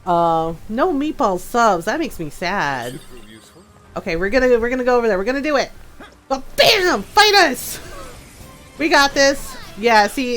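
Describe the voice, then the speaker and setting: Giggly woman streaming a game. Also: a little high. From her father's home in Texas. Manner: laughs often while telling stories. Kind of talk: casual gameplay chat.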